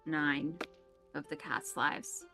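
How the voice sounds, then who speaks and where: A woman's voice: low voice, steady tone, gravelly, sharp tone, soft background music. A woman co-hosting a game stream, chatty and teasing. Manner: chatty, teasing, quick banter. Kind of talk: casual chat while playing.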